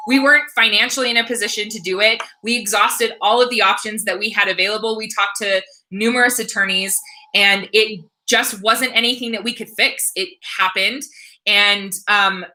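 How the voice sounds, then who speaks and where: An American woman in her thirties answering viewer questions on a livestream, earnest and emotional, with many halting restarts. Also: mid-range voice, pushed and bright, rough recording. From United States. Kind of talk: livestream Q&A chat.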